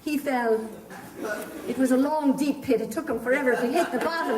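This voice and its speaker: A woman's voice: sits high, normal speed, crowd noise. A woman leading children through an interactive pirate story, playful and theatrical, coaxing them along with pet names. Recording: echoey room, picked up from a distance.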